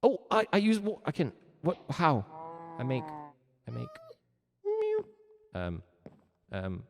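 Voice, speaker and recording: Wildly animated, theatrical man teacher. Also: fairly high pitch, slow pace, gravelly, long reverb tail. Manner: theatrical, jokey and mock-stern. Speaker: music teacher. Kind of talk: playful livestreamed game lesson.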